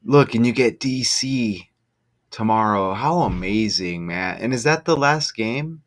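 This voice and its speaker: A man musing slowly over basketball schedules and number matches, breaking into excited exclamations. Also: fairly low pitch. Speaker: gematria sports commentator. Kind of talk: casual solo commentary over on-screen schedule. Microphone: desk mic.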